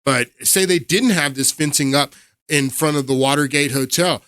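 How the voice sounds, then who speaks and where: A man's voice: fairly high pitch, moderate pace, a bit bright, dry recording, clean studio sound. A man hosting a political commentary show, talking emphatically to his viewers and laughing in disbelief.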